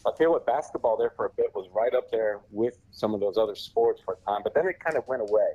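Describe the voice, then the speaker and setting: Podcast guest: middle-aged man, low voice, easygoing and positive. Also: quick pace, dark tone, breathy edge, lo-fi sound. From Australia. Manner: upbeat, laid-back. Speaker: guest reporter. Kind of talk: casual podcast chat.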